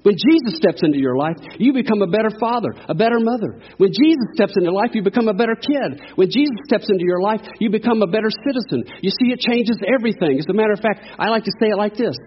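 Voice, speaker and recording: A man's voice: sits high, lively intonation, quick pace, hardly any pauses, husky. A man preaching a sermon to a church in a folksy, call-and-response style. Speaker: guest preacher. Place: church sanctuary. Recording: echoey hall, dull lo-fi sound.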